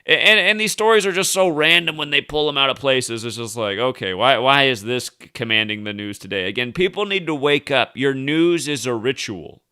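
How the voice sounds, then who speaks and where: A man in his thirties delivers a rambling commentary, indignant and emphatic, often restarting his sentences. His voice is bright, crisp and smooth, at a middle pitch. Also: lively intonation, a little fast, few pauses. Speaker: conspiracy news commentator. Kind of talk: casual ranting commentary.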